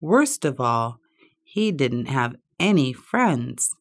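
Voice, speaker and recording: A woman with a low voice tells a children's story at a very slow, unhurried pace. Her delivery is expressive, with a lively rise and fall of pitch and lots of repetition.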